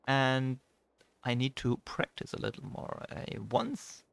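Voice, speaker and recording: A young man with a German accent, a native German speaker hosting a farming game let's play in casual commentary, often pausing and searching for words. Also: mid-range voice, very animated, vocal fry, smooth.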